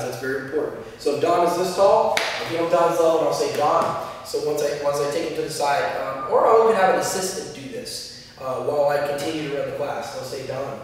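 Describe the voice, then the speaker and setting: A male martial arts instructor with a fairly high voice explains class methods practically, acting out short examples as he teaches. The room is echoey, the mic is distant, and there's slight background noise.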